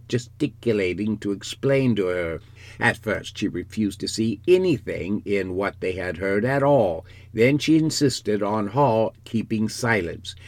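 A man narrating a classic novel in a measured, unhurried storytelling manner. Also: fairly low pitch, no room sound. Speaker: audiobook narrator.

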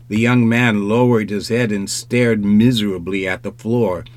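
This is scripted audiobook narration by a man whose voice is lowish. His storytelling stays measured and even.

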